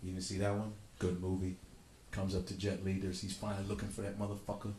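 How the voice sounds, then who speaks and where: Profane stand-up comedian in a roomy club. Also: male voice, sits low, completely flat delivery, fast, darkish tone, slight background noise. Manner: profane, conversational, teasing the audience. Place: comedy club with live audience. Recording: roomy club with audience laughter.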